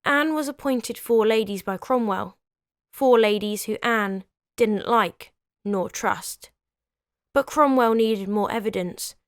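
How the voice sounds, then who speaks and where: A woman's voice: on the high side, smooth, no echo, studio quality. A young woman hosts a history channel, narrating a script and breaking off for wry, opinionated asides. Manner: lively, opinionated storyteller who adds wry comments.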